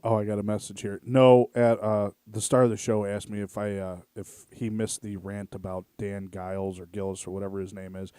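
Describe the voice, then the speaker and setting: A man's voice: lowish voice, flat delivery, a little fast, few pauses, warm tone, clean tone, no room sound. A man hosting a casual podcast, telling stories in a rambling way full of fillers and swearing. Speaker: podcast host. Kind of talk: casual storytelling chat.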